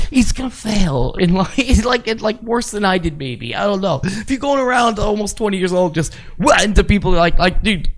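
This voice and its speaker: A man's voice: sits high, normal speed. A man co-hosting a podcast, telling rambling, profane stories in casual chat. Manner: rambling, profane storytelling, animated. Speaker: podcast co-host.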